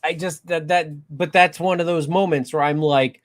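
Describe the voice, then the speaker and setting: A slightly high-voiced man hosts a casual review chat. He talks excitably, tripping over his words and restarting often as he gets going. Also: moderate pace. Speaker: show host.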